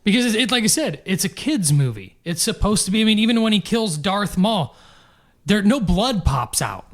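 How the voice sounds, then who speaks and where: A man's voice: high-pitched, big pitch swings, normal speed. A man co-hosting a podcast, chatting casually, explaining at length with some swearing. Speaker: podcast co-host. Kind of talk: casual chat.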